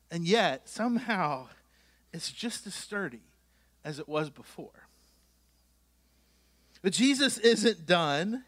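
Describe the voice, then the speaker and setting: A man's voice: high-pitched, sharp tone. A male pastor preaching a sermon in a conversational way, reading scripture and adding joking asides.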